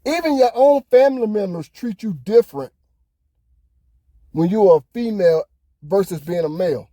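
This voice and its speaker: A man's voice: high voice, normal speed, dark tone, no echo, studio quality. A man hosting a podcast, ranting heatedly in casual talk, swearing often. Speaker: podcast host. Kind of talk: casual opinion monologue.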